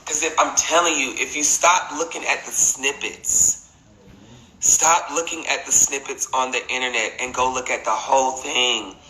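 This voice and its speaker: A man talking on a phone live stream in a casual monologue, earnest and halting, repeating his points deliberately. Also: fairly high pitch, vocal fry, bright, forceful tone, a little hiss or hum. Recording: roomy echo.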